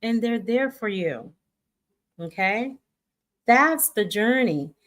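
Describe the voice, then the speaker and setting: Reassuring woman with a bright, high voice. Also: expressive, slow pace. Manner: warm, reassuring, acts out viewers' inner voices. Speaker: spiritual guidance host. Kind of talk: casual guidance talk to viewers.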